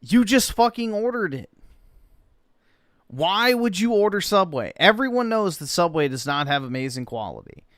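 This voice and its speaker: A man's voice: high voice, sing-song, normal speed, fairly bright tone, no echo, clean studio sound. A man reacting to a video, sarcastic, profane and exasperated. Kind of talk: mocking reaction commentary.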